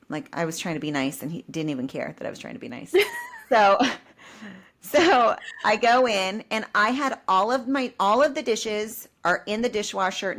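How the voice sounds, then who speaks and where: A middle-aged woman co-hosting a podcast, telling a home story with laughs and acted-out quotes. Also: mid-range voice. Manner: animated, laughing, acts out quoted dialogue. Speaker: podcast co-host. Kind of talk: casual storytelling chat.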